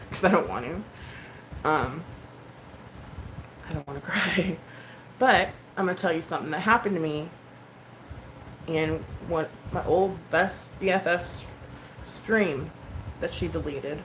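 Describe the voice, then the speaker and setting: A woman in her thirties speaks to her livestream viewers in a low, frank voice, stumbling through likes and ums and swearing without a second thought. The recording carries a clear layer of background noise. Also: fairly bright tone, low-quality recording. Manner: candid and emotional, swears freely, many likes and ums. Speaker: livestream host. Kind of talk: casual livestream chat.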